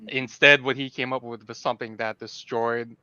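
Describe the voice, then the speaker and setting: A man's voice: medium pitch, fairly even intonation, moderate pace, pushed and bright, clean tone, no room sound, highs cut off. A man co-hosting a podcast, talking earnestly and animatedly about a film, often restarting his sentences. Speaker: podcast co-host. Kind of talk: casual film discussion.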